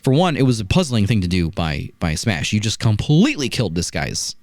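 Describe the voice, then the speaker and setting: A man's voice: lowish voice, brisk, no room sound. A man hosting a casual wrestling review, telling stories with lots of "right?" asides. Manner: animated storytelling, rhetorical "right?" asides. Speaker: wrestling podcast host.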